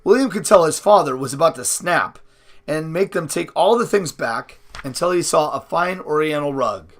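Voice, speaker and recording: A man's voice: a little high, expressive, moderate pace, a bit bright. A man reading a novel aloud in an unpolished way, with slips and restarts. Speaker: audiobook reader.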